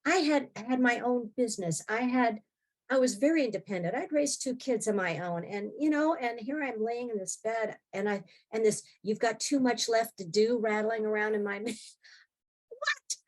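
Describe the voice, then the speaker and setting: A woman's voice: on the high side, normal speed. A woman in her sixties, a podcast guest telling her own story in a wry, blunt way with frequent laughs. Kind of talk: candid personal storytelling.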